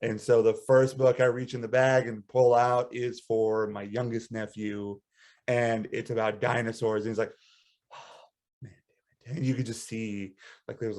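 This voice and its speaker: A man co-hosting a casual podcast chat, telling a story in an animated way and breaking into high laughter. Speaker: podcast co-host.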